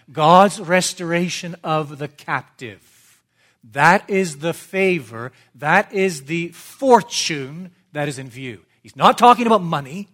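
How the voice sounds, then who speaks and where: A man's voice: a little high, sharp tone. A man preaching an expository sermon as pastor, structured and emphatic, repeating phrases for stress. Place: church.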